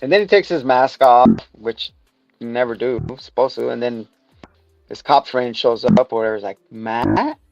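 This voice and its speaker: A man co-hosts a podcast, recapping a show in casual conversation, swearing and rambling while acting out scenes. His medium-pitched voice is creaky and darkish at a moderate pace, with no echo. The lo-fi recording sounds dull, with music in the background.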